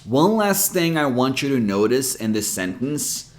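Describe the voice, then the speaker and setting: A man's voice: medium pitch, big pitch swings, measured pace. A man with an American accent, patiently explaining pronunciation in a recorded video lesson. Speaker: English pronunciation coach.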